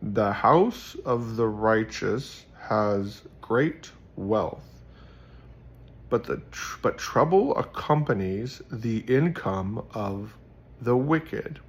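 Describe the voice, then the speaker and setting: A man voicing a wise old fantasy wizard, reciting in a slow, solemn, drawn-out way. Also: fairly low pitch, lively intonation, slightly rough, heavily acted. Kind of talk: reading scripture aloud in character.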